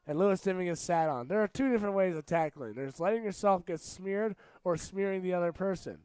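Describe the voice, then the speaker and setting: A young match commentator calls a school rugby game in a relaxed, jokey play-by-play, talking fairly quickly. His slightly high voice is smooth and clear, recorded close and dry with no room sound, and he chats between plays before shouting at the big moments.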